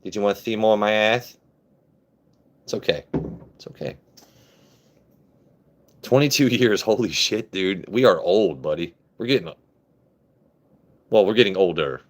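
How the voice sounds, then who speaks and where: A Maryland man in his late thirties chats and jokes loosely with viewers on a phone live stream, cursing freely. He speaks on the low side at a measured pace, leaving long pauses.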